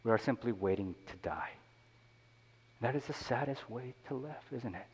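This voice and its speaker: A man's voice: mid-range voice, normal speed, a little hiss or hum. A man, a pastor, preaching a sermon in a conversational way, with many "you know" asides. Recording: long hall reverb.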